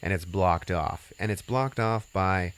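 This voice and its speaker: A man with a very low voice recaps a movie for a podcast. He talks loosely and casually, with lots of fillers, restarts and swearing. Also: unhurried, smooth. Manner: rambling, filler-heavy and profane. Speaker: podcast host recapping a film.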